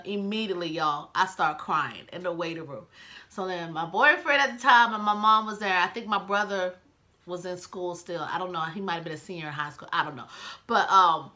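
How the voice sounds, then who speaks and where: A woman's voice: lowish voice, fairly quick, sharp tone. A woman in her twenties telling an emotional personal story to her viewers in a chatty, casual vlog. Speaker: vlogger.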